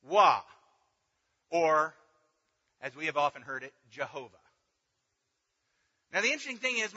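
A man with a rather high, very bright voice teaches a Bible class, explaining step by step and checking in as he goes. The sound is dull, and a long reverb hangs in the hall around him. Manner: explanatory, checks in with "okay" and "right".

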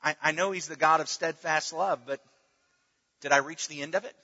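A man's voice: on the high side, fairly even intonation, fairly quick, bright, forceful tone, slightly rough. A man preaching a sermon in an earnest way, often restarting words and at times dropping almost to a murmur. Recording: dull lo-fi audio with long reverb.

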